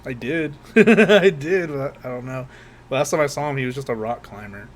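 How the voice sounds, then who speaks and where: A man's voice: medium pitch, normal speed. A young man co-hosting a podcast, telling rambling, profane stories in casual chat and laughing often. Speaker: podcast co-host.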